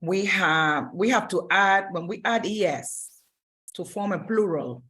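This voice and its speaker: A woman's voice: mid-range voice, a little slow, a bit bright. A woman teaching Spanish grammar in a recorded lesson, explaining patiently step by step and often stopping to rephrase.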